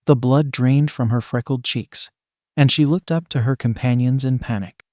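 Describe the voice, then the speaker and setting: A man's voice: mid-range voice, fairly even intonation, moderate pace, darkish tone, no echo, clean studio sound. A man steadily narrating a fan fiction story.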